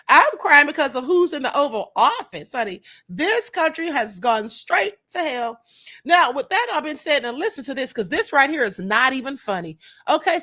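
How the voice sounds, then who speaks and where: A high-pitched woman hosts a casual live stream and talks back at the news. She is sassy and quick to laugh, and she calls her viewers honey. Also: a bit bright.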